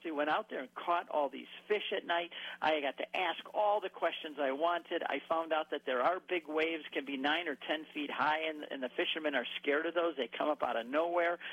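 A male radio guest telling a travel story in a lively storytelling manner. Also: on the high side, slightly rough, no room sound, highs cut off. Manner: animated storyteller acting out voices in quotes.

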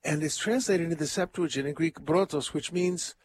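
A man preaching a conversational homily as a priest, thinking aloud with frequent pauses, ums and restarts. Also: fairly high pitch, a little hiss or hum.

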